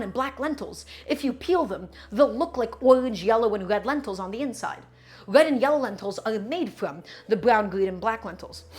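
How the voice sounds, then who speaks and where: A woman streaming as she cooks, chatting casually, explaining her knife work and answering viewers' questions as she chops. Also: fairly high pitch. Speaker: cooking streamer. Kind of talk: live-stream cooking chat.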